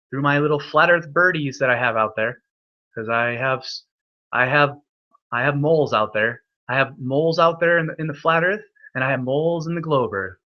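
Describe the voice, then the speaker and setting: A man's voice: mid-range voice, sharp tone, dull audio. A young man hosting an online hangout, telling a rambling, profane story full of restarts. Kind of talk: rambling casual chat.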